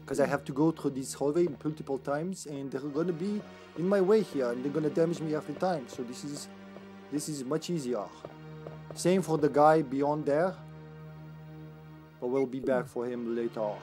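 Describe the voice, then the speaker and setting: A man giving casual let's-play commentary as a game streamer, joking around, laughing often and getting excited in bursts. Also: fairly high pitch, moderate pace, faint music behind.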